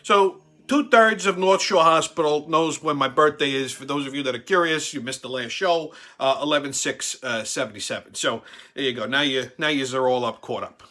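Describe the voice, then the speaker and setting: This crude, profane storytelling comes from a male show host in his forties who swears nonstop and voices each quote himself. He speaks at a moderate pace, his voice on the high side with a bright, forceful tone.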